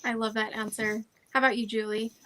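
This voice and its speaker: Upbeat higher-voiced woman host. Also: flat delivery, brisk, a bit bright. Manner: upbeat, affirming. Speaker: interview host. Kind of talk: casual moderated chat.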